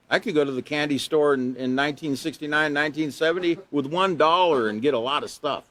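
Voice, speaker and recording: A man's voice: on the high side, fairly bright tone, no echo. A man in his sixties giving a live online class lecture on character education, folksy and rambling with chuckles and asides, and emphatic when he stresses rules.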